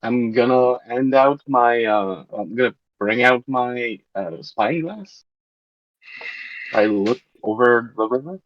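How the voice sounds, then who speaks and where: A man's voice: medium pitch, takes it slowly, no echo, highs cut off. A man playing a tabletop game, talking in a laid-back, wry way. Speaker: player. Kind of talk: casual tabletop game chat.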